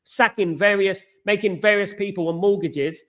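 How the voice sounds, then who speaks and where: A man with a high, fairly bright voice hosts a football fan channel's live watchalong at a moderate pace. He rants to viewers in frustration, repeating himself and leaning on ums.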